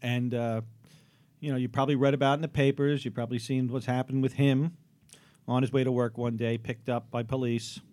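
A man's voice: mid-range voice, flat delivery, a little fast, a little mellow. A man hosting a radio show in a studio, joking and rambling with restarts.

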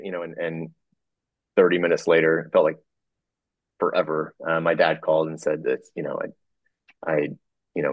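Very deep-voiced man, halting storytelling. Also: dry recording. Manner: halting, full of fillers and restarts; chuckles through the telling. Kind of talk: personal storytelling.

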